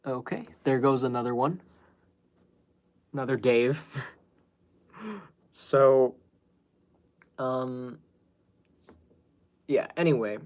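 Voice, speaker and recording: A man's voice: mid-range voice, very slow, long pauses, darkish tone. A man hosting a podcast, telling a story in a casual, exasperated way, laughing often and swearing as he quotes the people involved. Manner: exasperated, laughing, swearing, quoting others in recounted dialogue. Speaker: podcast host.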